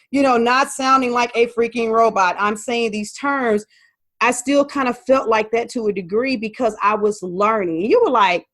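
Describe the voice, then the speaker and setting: A woman, telling an animated story about learning Spanish. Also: a little high, normal speed, no room sound. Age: 40s. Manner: lively, animated storytelling with quoted voices. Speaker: podcast host and Spanish learner. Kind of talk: testimonial talk.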